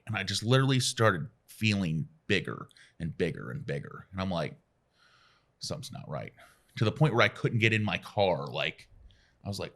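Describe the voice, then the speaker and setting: A man in his forties, a radio guest telling self-deprecating stories in casual chat and acting out quotes with a jump in pitch. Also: gravelly, a bit bright. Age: 40s.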